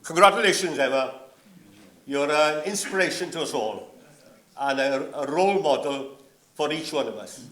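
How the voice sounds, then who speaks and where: An older man giving a graduation address in a slow, measured and anecdotal manner. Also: on the high side, fairly bright tone. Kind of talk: ceremonial speech.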